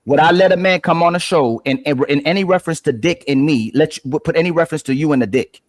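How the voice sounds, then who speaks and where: A man's voice: fairly high pitch, quick pace, dry recording. A man on a podcast panel, confrontationally repeating his questions. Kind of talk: heated panel argument.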